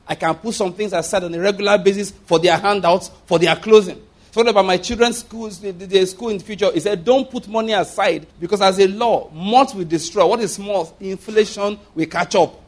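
Emphatic Nigerian preacher man, higher-pitched. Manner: emphatic, repetitive, conversational preaching with laughs. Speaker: pastor. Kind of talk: sermon.

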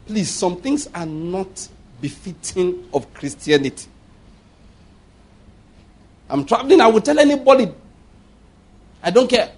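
A Nigerian man preaching a sermon as a pastor, lively, with frequent laughter and mocking asides. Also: high-pitched, measured pace, pauses often, husky.

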